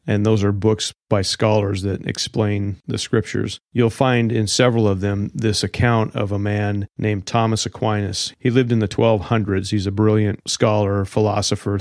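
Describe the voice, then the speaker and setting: A man's voice: fairly low pitch, darkish tone, no room sound, clean studio sound. A man giving a verse-by-verse Bible teaching in a conversational way, with casual slang asides.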